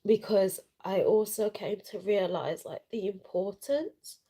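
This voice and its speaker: Her voice is medium-pitched, unhurried, mellow and husky as she cries on a casual live video. This woman vlogger rambles tearfully and frankly, dropping slang and swear words, in a self-made home recording done without a sound check.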